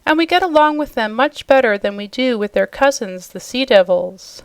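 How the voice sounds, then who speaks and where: A woman reading a storybook, voicing a gentle, calm sea queen. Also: a little high, normal speed, clean tone, no echo.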